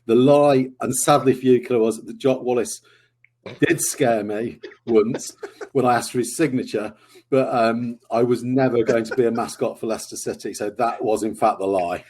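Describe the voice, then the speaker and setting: English man, podcast co-host, husky mid voice, dry and matter-of-fact. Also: mid-range voice, fairly even intonation, moderate pace, a little mellow. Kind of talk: casual pub chat.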